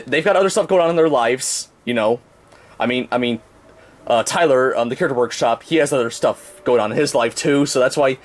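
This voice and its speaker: A man's voice: mid-range voice, lightly acted. A man voicing a grumpy cartoon bird who hosts his own show, rambling hesitantly with lots of ums and restarts. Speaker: show host. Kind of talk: casual chat.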